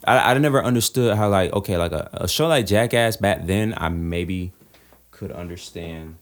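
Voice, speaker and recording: Man, very deep voice, podcast co-host, laid-back, slangy. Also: normal speed. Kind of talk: casual chat.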